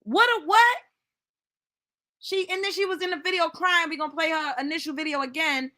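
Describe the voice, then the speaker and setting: High bright blunt woman host. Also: normal speed. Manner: blunt, cursing, incredulous. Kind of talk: profane reaction commentary.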